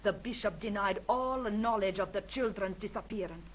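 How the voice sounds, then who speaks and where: A woman's voice: medium pitch, moderate pace, slight background noise, lightly acted, low-quality recording. A woman playing a stately countess. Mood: somber. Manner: formal, stately. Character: aristocratic older Spanish countess, proud but weary. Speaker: game character.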